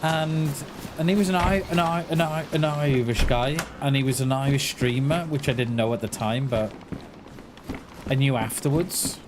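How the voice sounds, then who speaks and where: A man in his forties chatting casually on a gaming livestream, rambling and halting, often restarting his words and answering his viewers in a friendly way. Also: mid-range voice. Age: 40s. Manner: talks back to chat in a friendly, reassuring way. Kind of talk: casual livestream chat while playing. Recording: noisy home stream recording.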